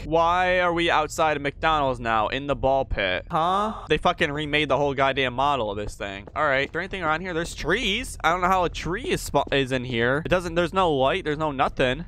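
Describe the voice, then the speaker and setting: Young man, horror game commentary, lively swings in pitch, somewhat high voice, profane and jumpy. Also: a little fast, hardly any pauses. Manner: profane, jumpy, talks to himself while playing. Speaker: gaming YouTuber.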